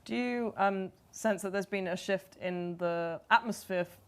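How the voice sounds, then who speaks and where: A woman hosting a live onstage interview, asking measured, articulate questions. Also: medium pitch, clean tone. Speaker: interviewer and host. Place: event before a live audience.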